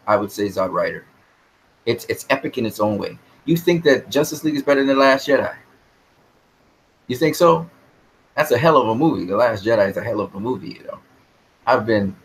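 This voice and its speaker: A man's voice: mid-range voice, a bit bright, a little hiss or hum, low-quality recording. A man talking casually with his live chat about movies. He speaks in a rambling, opinionated way and often repeats words as he thinks. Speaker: live stream host answering chat.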